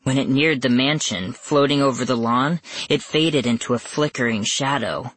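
Husky storyteller reading a creepy kids' tale real slow, dry close sound. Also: medium pitch, fairly bright tone, no echo. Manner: slow, measured and suspenseful, rising tense at scary moments. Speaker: audiobook narrator. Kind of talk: first-person scripted horror narration for young readers.

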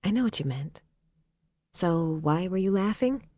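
A woman voicing a young adult small-town woman who talks in a gentle, teasing, often quiet way. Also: on the low side, animated, measured pace, no room sound, studio quality, pitched above the performer's own voice. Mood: soft. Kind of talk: audiobook character voice.

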